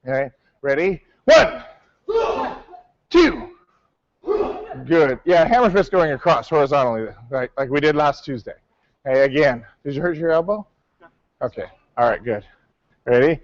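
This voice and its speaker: A man's voice: on the high side, fairly quick, dry recording, muffled recording. A male martial arts instructor teaching a class, calling out counts and coaching his students. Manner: barks counts, coaching and correcting.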